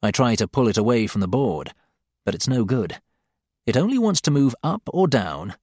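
Wry male audiobook narrator, lively pitch. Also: normal speed, no echo, studio quality. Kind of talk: scripted first-person narration.

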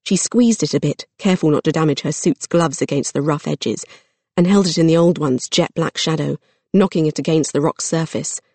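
A narrator reading a storybook aloud in a steady, measured way. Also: mid-range voice, no echo.

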